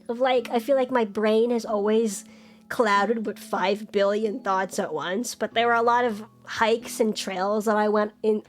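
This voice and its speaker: A young woman streaming, chatting casually and bubbly, jumping up into squeals when she greets her chat. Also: mid-range voice.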